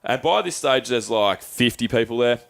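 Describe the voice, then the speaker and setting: A young podcast co-host tells a personal story in casual chat, cursing freely and imitating his friends' voices. His mid-range voice is gravelly and expressive, at normal speed, with no echo.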